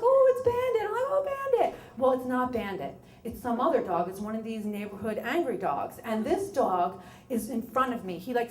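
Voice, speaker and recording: A woman's voice: on the high side, echoey room. A woman, telling a true story on stage in a chatty, wry way and quoting herself often. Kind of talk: live storytelling. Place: bar or small venue at a live event.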